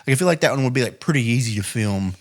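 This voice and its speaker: A young man co-hosting a casual podcast chat, telling stories animatedly and acting out quotes in a raised voice. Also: very fast. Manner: animated storyteller, acts out quotes in high voices. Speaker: podcast co-host.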